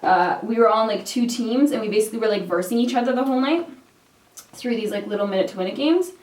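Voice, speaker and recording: A woman's voice: a little high, fast, darkish tone, recorded from a distance. A young Canadian woman in her twenties chatting casually while doing her makeup, full of filler words and casual swearing. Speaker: beauty vlogger. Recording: roomy sound, mic set back.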